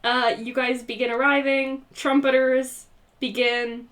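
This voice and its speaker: A woman narrates a tabletop adventure as game master, her voice sitting a little high. She talks in a loose, chatty way, full of fillers and quick laughs. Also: level tone, fairly bright tone. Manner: chatty, giggly, many fillers.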